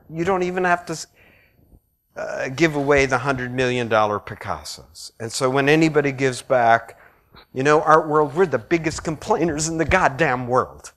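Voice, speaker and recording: Animated Midwestern man giving a lecture. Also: a little high. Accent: American Midwestern. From American Midwest. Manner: animated, blunt and jokey, with asides to the audience. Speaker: art critic giving a lecture. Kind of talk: public lecture to an audience. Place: lecture hall.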